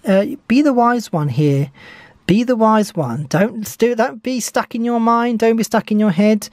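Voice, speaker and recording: A woman's voice: medium pitch, a little mellow, no room sound. Woman, tarot reading, enthusiastic, repetitive, dry sound. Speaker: tarot reader.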